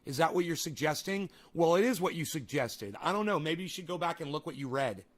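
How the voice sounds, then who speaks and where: A man's voice: a little high, expressive, a little fast, hardly any pauses. A young man ranting angrily and sarcastically at a viewer in his live-stream chat, swearing often and exasperated. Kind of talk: angry live-stream rant reacting to chat.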